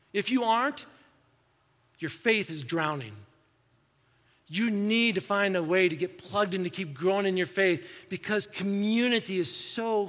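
Preaching in a church sanctuary, a pastor talks to his congregation conversationally and acts out the voices he quotes. His voice is high-pitched and a bit bright, and the hall has a noticeable echo.

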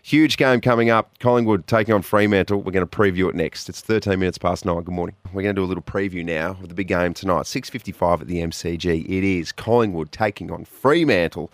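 A man's voice: low-pitched, fast talker, few pauses, no echo. A man hosting a radio show, upbeat and teasing, laughing often in casual studio banter. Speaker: radio host.

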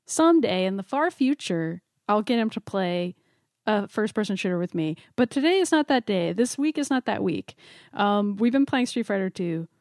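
A woman's voice: medium pitch, darkish tone, no echo, clean studio sound. A woman co-hosting a casual chat, talking in a chatty, enthusiastic way. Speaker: co-host.

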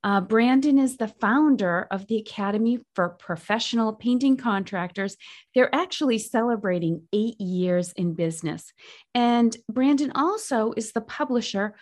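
A woman's voice: fairly high pitch, expressive, normal speed. A woman hosting a podcast, introducing guests in an upbeat, enthusiastic way. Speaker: podcast host.

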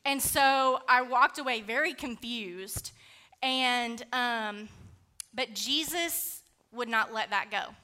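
A woman's voice: fairly high pitch, takes it slowly, bright, forceful tone. A woman preaching a sermon, candid and conversational, mixing scripture with a personal story and casual fillers.

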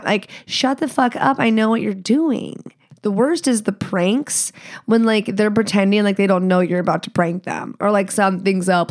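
A sassy woman podcast host delivers a casual monologue, blunt and heavy on swearing. She jumps into higher, mocking voices when she quotes other people. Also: moderate pace, a little mellow.

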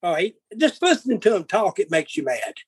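A man's voice: high voice, very animated, fairly quick, husky, no echo, poor audio. An older man telling blunt, profane stories and acting out old arguments. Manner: profane, blunt, acts out quarrels in dialogue. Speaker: guest. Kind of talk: casual storytelling.

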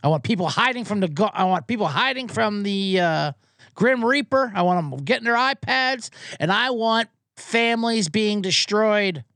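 A man's voice: high voice, lively intonation, moderate pace, sharp tone, no room sound, clean studio sound. A man hosting a comedy sports podcast, ranting with profanity and getting fired up. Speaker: podcast host.

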